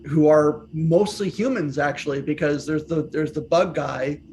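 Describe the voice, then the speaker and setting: A man's voice: on the high side, fairly even intonation, normal speed, a little mellow. A man co-hosting a podcast, talking casually and laughing often. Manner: laughs often, hesitant restarts. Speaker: podcast co-host. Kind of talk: casual chat.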